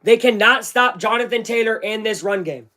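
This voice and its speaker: Young male streamer, live play-by-play, bright, forceful voice, talks right to his viewers. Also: high-pitched, normal speed. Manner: hyped, talks straight to viewers. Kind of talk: excited live fan commentary.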